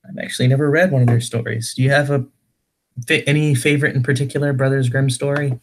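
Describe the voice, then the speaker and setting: Streamer man, middle-pitched voice, casual chat, reads aloud and corrects himself often. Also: level tone, fast, slight background noise. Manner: stumbling, self-correcting reading. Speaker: livestream host. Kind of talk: casual livestream chat and poem reading.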